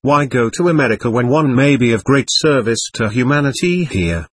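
A man reading an audiobook, voicing a proud, argumentative teenage boy who lectures earnestly and takes offence quickly. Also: mid-range voice, lively intonation, husky, no echo. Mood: lecturing.

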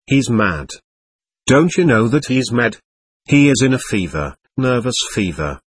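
A man reading an urgent young noblewoman in a hurried whisper, with a husky voice. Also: mid-range voice, very animated, no echo, clean studio sound. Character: anxious commanding young noblewoman.

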